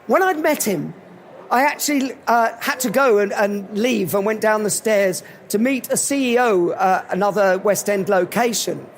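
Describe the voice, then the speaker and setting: A man giving a live motivational talk at an event, telling animated anecdotes. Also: sits high, normal speed, slight background noise. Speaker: motivational speaker.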